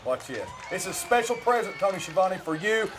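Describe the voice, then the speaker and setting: A young man with a notably high voice, cutting a brash, cocky wrestling promo. He brags loudly and trash-talks his rivals in a showy way. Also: very animated, fairly quick, some chatter behind, slight background noise.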